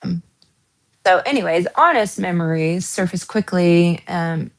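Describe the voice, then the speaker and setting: A woman's voice: fairly low pitch, unhurried. A woman from the American South with a Southern accent, hosting a casual true crime chat, giggly with lots of ums and restarts. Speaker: true crime channel host.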